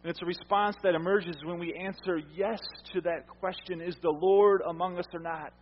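A man preaching a sermon as pastor, earnest, repeating phrases for emphasis and letting his lines fall quiet at the ends. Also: sits high, fairly even intonation, moderate pace. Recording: dull, echoey hall sound.

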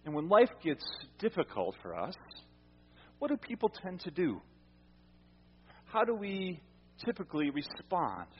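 This pastor's voice sits high, with huge pitch swings, and he speaks unhurriedly with frequent pauses over a little hiss or hum. His sermon is conversational, full of questions to the congregation and repeated words, captured muffled in an echoing hall.

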